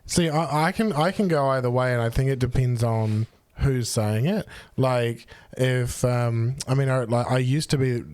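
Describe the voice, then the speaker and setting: Frank New host, dry sound. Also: male voice, mid-range voice, normal speed, few pauses, darkish tone, no echo. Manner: frank, casual, swears freely. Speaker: podcast host. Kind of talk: casual podcast chat. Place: studio in a computer store.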